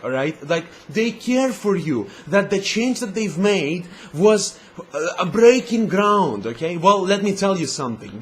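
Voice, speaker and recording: A man with a fairly high voice rants into the camera about gaming news. He swears often and loads every point with sarcasm. He rambles and circles back in a casual vlog style. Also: slight background noise. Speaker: gaming video host. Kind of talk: ranting vlog commentary.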